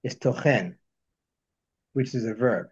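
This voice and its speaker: A Torah teacher leads a text study lesson, slowly reading verses before explaining them. He speaks expressively at a middle pitch, and the recording sounds a bit dull and lo-fi.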